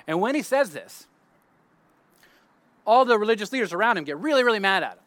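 A man's voice: high-pitched, big pitch swings, brisk, long pauses, a bit bright. Man teaching casually in his garden. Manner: conversational, restarts often, asks "right?". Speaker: teacher of a Bible talk. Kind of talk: casual spoken Bible teaching.

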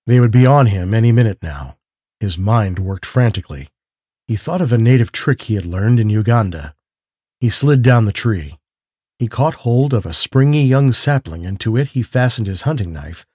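A man narrating a mystery story in a calm, measured way. His voice is lowish and husky, and it comes across dry and close to the mic. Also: no echo. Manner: measured, steady reading. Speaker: narrator and host of a story show.

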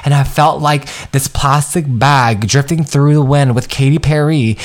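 A man's voice: mid-range voice, steady tone, unhurried. A man hosting his own podcast, giving the listener a candid, profane pep talk and calling them "girl" and "my love.". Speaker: podcast host. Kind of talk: motivational solo podcast talk.

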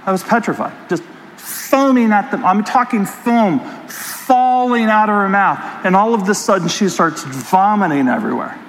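A pastor delivering a sermon with an animated personal story, talking straight to his congregation. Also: high-pitched, moderate pace, long reverb tail, slight background noise, poor audio.

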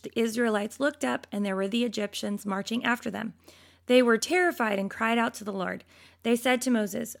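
A woman's voice: on the high side, gravelly. A woman teaching a devotional Bible lesson, talking straight to her listeners and reading scripture aloud. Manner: lively, talks straight to listeners; reads scripture aloud, mocks complaints with put-on whiny voices.

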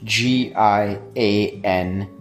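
A man's voice: lowish voice, steady tone, drawn-out words, faint music behind. A man chatting casually as a podcast guest, laid-back, repeating himself as he explains. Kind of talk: casual chat. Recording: roomy echo.

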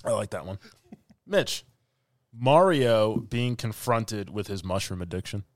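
A man hosting an improv game among friends, laughing often as he hands out prompts. His pitch moves a lot, and the sound is close and dry. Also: lively intonation, a little slow, dry recording. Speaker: host. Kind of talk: casual improv game chat.

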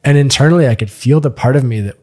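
A man telling a personal story on a podcast in a casual, animated way, swearing freely and acting out the voices of people he quotes. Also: mid-range voice, quick pace, husky.

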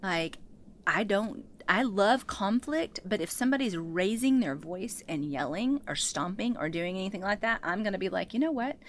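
A woman, a pastor and therapist, speaking as a podcast guest, animated and acting out what people say. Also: mid-range voice, normal speed, slight background noise. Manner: animated storyteller, acts out quotes. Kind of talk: casual podcast interview.

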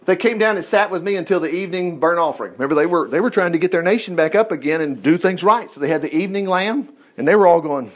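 A male preacher with a high, very animated voice that swings widely in pitch. He mixes scripture reading with quick, digressive asides and quips in a conversational sermon.

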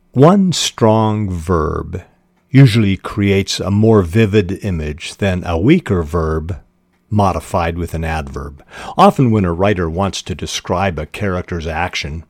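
A man teaching fiction writing in a slow, unhurried way. His voice is low, and he stops often on "uh" while he looks for the word. The sound is close and dry, with no room in it. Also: no room sound. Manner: measured and deliberate, with frequent "uh" pauses. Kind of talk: instructional podcast talk.

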